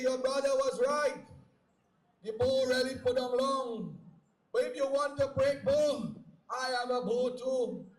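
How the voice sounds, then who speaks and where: A man voicing a proud, fierce older warrior sage who talks in a boastful, challenging way. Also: very high voice. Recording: echoey PA sound from far off.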